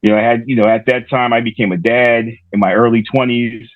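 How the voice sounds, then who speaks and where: A middle-aged man from Rhode Island tells stories in a loose, rambling way, full of fillers and restarts. His voice sits at an ordinary pitch and comes through a thin, phone-like line. Faint music plays underneath. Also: fairly even intonation, fairly quick, no room sound. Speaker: podcaster guest. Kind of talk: casual interview storytelling.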